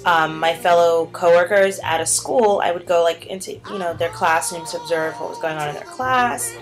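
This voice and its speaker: A woman's voice: on the low side, normal speed, faint music behind, rough recording. A young woman and teacher in a casual vlog chat, rambling with lots of "like" and "um" and acting out what people said. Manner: chatty, heavy on "like" and "um", acts out quotes. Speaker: vlogger.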